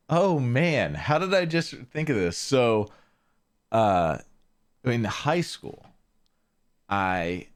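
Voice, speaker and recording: A man hosting a podcast, telling a casual story in a rambling way, often correcting himself and trailing off quietly. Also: on the low side. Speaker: podcast host.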